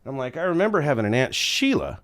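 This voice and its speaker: A man chatting as a podcast guest, easygoing and loose-tongued, spinning a story with plenty of swearing. His voice sits at an ordinary middle pitch, and he slips into the voices of the people he quotes as he goes. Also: very animated, fast, vocal fry, fairly bright tone. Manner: profane, laid-back, acts out quotes. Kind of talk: casual storytelling chat.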